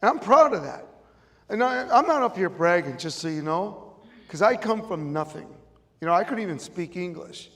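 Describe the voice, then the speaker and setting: A man's voice: high voice, lively intonation, moderate pace, a bit bright. A middle-aged man with a Chicago accent giving a motivational stage talk, emphatic and repeating his key phrases. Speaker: motivational speaker. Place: event room with audience. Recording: long reverb of a large room.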